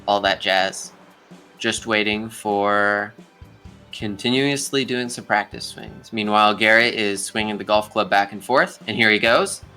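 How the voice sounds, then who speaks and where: A man's voice: fairly low pitch, bright, forceful tone. A young man giving casual live play-by-play commentary on a video game golf tournament, chatty and talking straight to the players.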